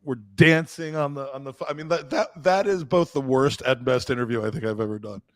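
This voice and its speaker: A middle-aged man co-hosting a podcast, chatting casually, animated and self-deprecating with stumbling restarts. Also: medium pitch, a little fast, no room sound. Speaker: podcast co-host. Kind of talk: casual chat.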